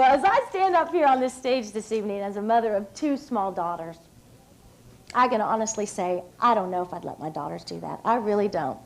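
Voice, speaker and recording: High, bubbly woman giving a speech. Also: rough recording. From West Virginia. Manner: upbeat, storytelling, emphatic. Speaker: hall of fame speaker. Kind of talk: public speech. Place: stage at an evening banquet.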